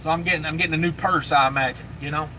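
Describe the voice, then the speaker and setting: Trucker host, male, easygoing livestream chatter, somewhat high and forceful tone, faint vehicle hum behind. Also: fairly even intonation, very fast, rough recording. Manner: laid-back and rambling, with many fillers and repeated phrases. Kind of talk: casual live chat, reading viewer comments aloud.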